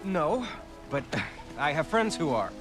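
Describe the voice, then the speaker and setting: A man's voice: fairly high pitch, big pitch swings, a little slow. A blunt, sardonic mountain man. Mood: skeptical. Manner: dry, skeptical questioning. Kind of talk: animated film dialogue. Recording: film soundtrack with music under it. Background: film score music.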